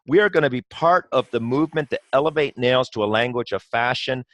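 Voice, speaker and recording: A man's voice: medium pitch, fairly quick, a bit bright, dry recording. A man speaking as a guest in a podcast interview, talking passionately in long runs full of "you know" and restarts. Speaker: guest, company co-founder.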